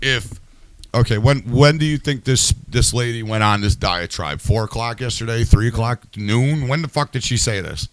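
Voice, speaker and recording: A man's voice: medium pitch, expressive, moderate pace, no echo. Fired-up swearing man ranting. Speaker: podcast host. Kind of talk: heated casual chat.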